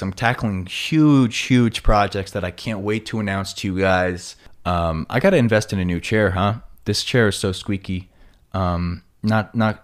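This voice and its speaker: A man's voice: lowish voice, clear, resonant tone. A man with a New York accent hosting a casual solo podcast, rambling along with plenty of fillers and self-corrections. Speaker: podcast host.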